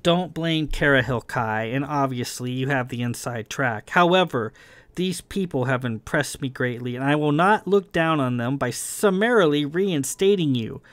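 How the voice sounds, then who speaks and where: Steady starship captain, patient but firm, mid-pitched, dry close mic, read by a man. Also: moderate pace, dry recording, lightly acted.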